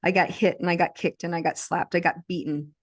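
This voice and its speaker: A woman with a fairly low voice, speaking as a podcast guest. She relives a traumatic memory aloud in vivid present tense, with steady intensity. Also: a little fast.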